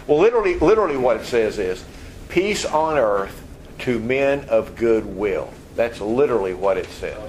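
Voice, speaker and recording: Bible teacher, male, mid-pitched, animated storyteller, faint background hiss. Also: moderate pace, low-quality recording. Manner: explains verb tenses, acts out scenes with animated voices. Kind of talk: Bible study lesson.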